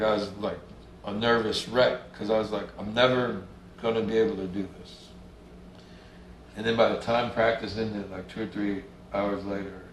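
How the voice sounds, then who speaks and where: A man with a lowish voice tells stories as a musician guest in a casual interview, relaxed, cursing freely and acting out others' words. The recording carries roomy room sound, faint ambience and a little hiss or hum.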